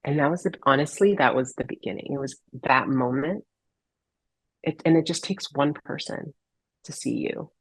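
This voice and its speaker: Her very deep, husky voice moves at a normal speed, and the recording is dry and rough. She's a holistic healer guesting on a podcast, recounting a heartfelt story from her life with earnest reflection and the occasional search for words.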